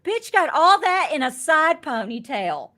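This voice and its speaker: A woman co-hosting a casual reality-show recap podcast, brash and profane, mocking people with quick impressions. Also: high-pitched, very animated, sharp tone. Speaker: podcast co-host.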